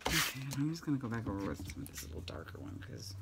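A woman's voice: rumbling low, big pitch swings, rapid-fire, creaky. A middle-aged woman chatting casually as she works on a craft project at home, rambling and joking at herself and now and then dropping to a whisper. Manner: chatty, rambling, self-mocking, often whispering asides. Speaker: craft vlogger. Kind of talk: casual chat while painting. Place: home craft room with the window open. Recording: loud background crafting noise. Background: sanding, rubbing and clicking sounds.

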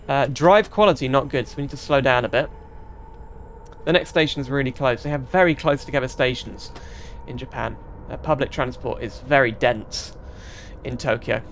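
A man giving let's-play commentary as he drives a train in a game, chatty and thinking aloud, with bursts of excited exclamations. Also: a little high, a little hiss or hum. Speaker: gaming channel host.

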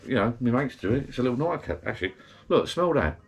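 A man's voice: mid-range voice, very animated, fast talker, gravelly, slightly rough. A man rambling in casual chat from his backyard garden bar, drifting from topic to topic. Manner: rambling, digressive, chatty. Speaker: vlogger.

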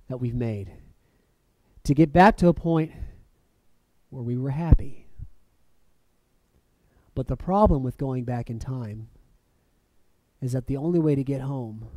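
A man preaching a reflective sermon, letting phrases fall soft and then lifting sharply for emphasis. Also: mid-range voice, dry recording. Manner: reflective, with soft dropping phrase ends and sudden lifts.

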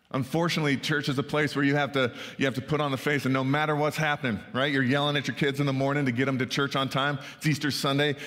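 A man's voice: medium pitch, a bit bright. A male pastor giving a conversational sermon, often checking in with the congregation with "right?" asides. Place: church sanctuary. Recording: church sanctuary with long reverb.

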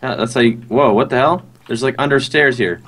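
A man's voice: medium pitch, fairly quick, a bit bright, a little hiss or hum. Teasing young man from Canada. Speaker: co-player. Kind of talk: casual let's-play chat.

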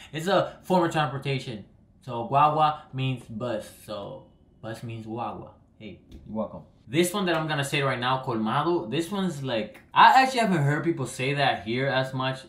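A man's voice: fairly low pitch, fairly bright tone. A young Dominican man, talking to the camera in a loose, rambling vlog and trailing off at the ends of his phrases. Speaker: vlogger. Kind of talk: casual vlog explainer. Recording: echoey room.

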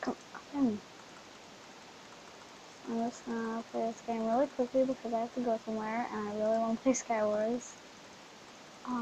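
A woman hosting a casual gameplay commentary, chatty and excitable, full of exclamations. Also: on the high side. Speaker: host. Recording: dull lo-fi mic with faint hiss.

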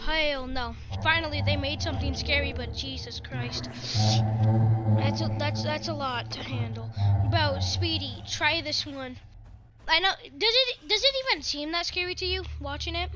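A woman's voice: high voice, normal speed, pushed and bright. A young woman chatting casually while playing a horror game, jumpy and slangy, shrieking when scared. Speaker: gamer. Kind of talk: casual gaming chat.

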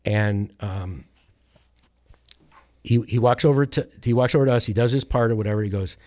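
This sports radio producer has a fairly low voice and speaks at a moderate pace. In a casual chat he rambles through a long, animated anecdote, restarting, correcting himself, and imitating the people he quotes.

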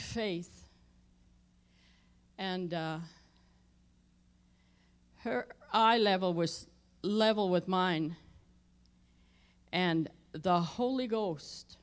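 During a sermon in a church sanctuary, a middle-aged woman pastor relates a personal experience. Her voice sinks low when things get tense and swells loudly whenever she stresses a point.

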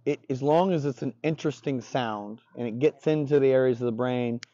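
A man's voice: mid-range voice, a little fast, warm tone, no room sound. A man working as a dog trainer, explaining his methods in blunt, casual talk with the odd swear word. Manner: blunt, profane, confident explaining. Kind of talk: casual on-the-job instruction. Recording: dull lo-fi recording.

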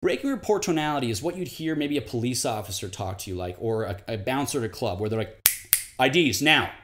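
A man's voice: animated, fast, a little mellow. Man giving a casual confidence lecture. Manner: conversational, demonstrates tones by mimicking high-pitched greetings.

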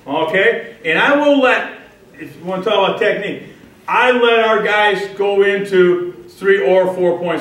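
Coach talking in a very echoey gym. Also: male voice, a little high, fairly bright tone. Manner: frequent "okay?" check-ins, calls out drill cues. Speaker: football defensive line coach. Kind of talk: coaching clinic demonstration. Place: indoor training facility with a wall. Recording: echoey indoor space, mic held far off.

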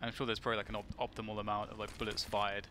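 A man's voice: on the low side, monotone, rapid-fire. A man commentating live on an esports match, rambling with many fillers and restarts. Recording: loud game noise under voice. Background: loud gunfire from the game.

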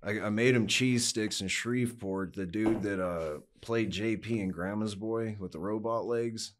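A man's voice: lowish voice, measured pace, background noise. A man telling casual stories as a podcast guest, rambling with many fillers and easy swearing. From United States. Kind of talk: casual chat.

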